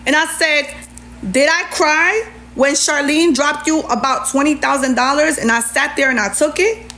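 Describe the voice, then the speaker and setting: A woman's voice: sits high, moderate pace, bright, forceful tone. A middle-aged woman ranting sarcastically on a live stream, reading messages aloud and answering them with indignation. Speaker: livestreamer. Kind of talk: heated TikTok live rant.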